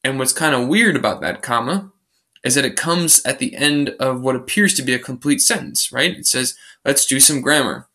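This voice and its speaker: A man's voice: medium pitch, expressive, moderate pace, sharp tone. A male teacher recording a screencast tutorial, explaining grammar rules patiently and step by step. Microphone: computer microphone for a screen recording.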